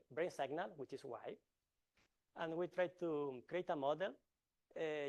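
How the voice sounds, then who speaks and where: A man delivering an academic lecture at a medium pitch, speaking in a halting, explanatory way. He fills gaps with filler sounds and restarts his phrases. He pauses deliberately between ideas. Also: darkish tone. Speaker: researcher presenting a talk.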